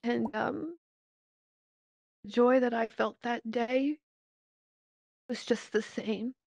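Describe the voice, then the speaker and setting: A woman giving a personal faith testimony in an earnest, halting way, with many pauses and fillers, speaking into a VR headset microphone. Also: on the high side, creaky, darkish tone, no room sound. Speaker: church member giving a testimony. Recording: dull, dry lo-fi headset audio.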